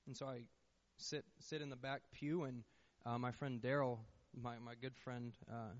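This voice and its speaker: A man's voice: mid-range voice, little pitch movement, normal speed. Young man, earnest testimony speaker, faltering repeats, mid-range voice, slightly muffled lo-fi recording. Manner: earnest storytelling, frequent restarts and repeated words. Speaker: church member giving testimony. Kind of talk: personal testimony told to a congregation. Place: church sanctuary.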